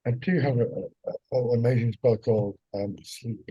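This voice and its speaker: Husky-voiced, halting male player. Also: medium pitch, fairly even intonation, dull audio. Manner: halting, unsure. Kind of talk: casual tabletop play chat.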